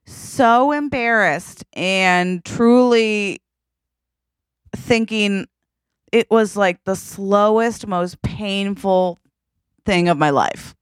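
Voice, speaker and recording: A woman co-hosting a podcast in casual chat, telling stories with animated asides and quoted voices. Her voice is smooth and resonant, close to the mic in a dry room with no echo. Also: mid-range voice, drawn-out words. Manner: animated, quotes herself and others in lively asides. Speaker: podcast co-host.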